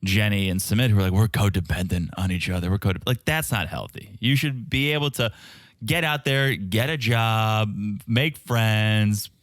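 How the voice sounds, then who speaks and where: A man's voice: lowish voice, moderate pace, no echo, studio quality. A man co-hosting a podcast, chatting casually and acting out what cast members said. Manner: animated, acts out cast members' lines in quotes. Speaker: podcast co-host. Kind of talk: casual recap chat.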